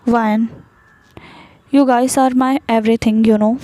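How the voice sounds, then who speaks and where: Woman, fanfiction narrator, second-person story, fairly high voice, mellow. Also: steady tone, a little slow, no echo.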